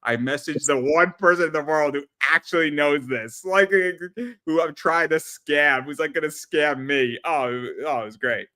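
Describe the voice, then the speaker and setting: A man hosting a casual podcast chat, rambling and animated, often repeating words as he tells stories. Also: fairly high pitch, a little slow. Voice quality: rambling, animated storyteller with frequent stammered repeats. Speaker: podcast host.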